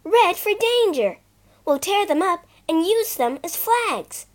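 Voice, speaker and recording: A woman's voice: high-pitched, animated, unhurried, voice pushed up. A woman voicing a brave, caring older sister who speaks in an earnest, comforting way.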